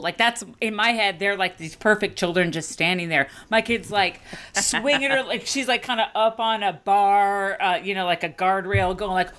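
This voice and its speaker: A middle-aged woman and mother telling a comic story in casual chat, acting out her daughter and herself in sudden high, laughing voices. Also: normal speed. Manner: animated, acts out quotes with big pitch jumps, laughing.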